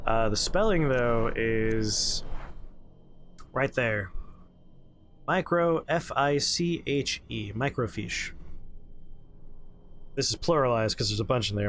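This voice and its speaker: A man's voice: medium pitch, animated, slow, pauses often, fairly bright tone, a little hiss or hum. A man streaming a horror game, giving casual, rambling commentary full of jokes and puns. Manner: jokey, rambling asides and puns. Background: horror game music playing clearly.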